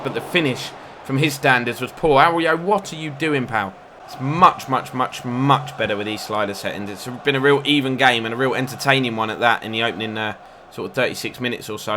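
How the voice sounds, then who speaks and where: A young man commentating on his football video game match, excitable and bursting into loud outcries at near misses and fouls. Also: medium pitch, background noise. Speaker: gaming YouTuber.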